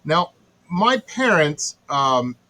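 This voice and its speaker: A man's voice: a little high, very slow, poor audio. A man from Detroit hosting a radio interview, telling stories with sarcastic exaggeration. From Metro Detroit. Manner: animated storyteller, sarcastic exaggeration. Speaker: radio show host. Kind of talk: casual interview chat.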